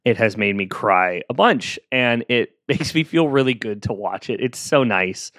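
A man's voice: medium pitch, lively intonation, measured pace, a bit bright, no echo. Solo podcast host, male, mid-range voice, dry close-mic sound, rambling earnest delivery. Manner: rambling, earnest, self-deprecating, lots of fillers. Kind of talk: casual solo podcast monologue.

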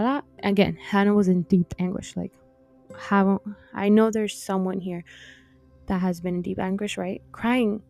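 A woman's voice: medium pitch, creaky, dark tone. A woman hosting a podcast, giving a casual, heartfelt Bible talk full of fillers like "like" and "you know.". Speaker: podcast host teaching the Bible.

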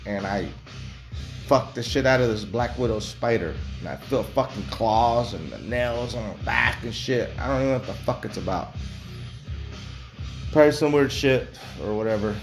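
A man's voice: medium pitch, normal speed, soft background music. A man in his forties talking candidly in a rambling monologue, blunt and heavily profane. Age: 40s.

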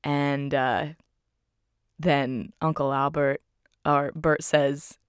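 A woman's voice: deep voice, little pitch movement, drawn-out words, clear, resonant tone, dry recording, studio quality. A woman recapping a film in a casual, enthusiastic way, full of fillers and "like".

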